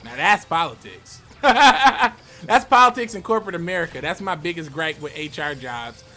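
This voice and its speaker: Man, casual streamer, swears and laughs a lot, slightly high voice, faint music behind. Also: lively intonation, normal speed, pushed and bright. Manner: loose, profane, laughs often. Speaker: card game streamer. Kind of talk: casual live-stream chat.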